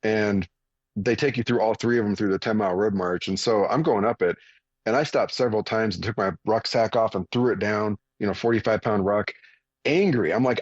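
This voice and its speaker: A man's voice: on the low side, brisk, no echo, dull audio. A man in his forties, a radio guest telling a story in an earnest, plain-spoken way. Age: 40s. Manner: earnest, plain-spoken, animated when retelling. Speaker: radio guest, fitness coach. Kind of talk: conversational storytelling.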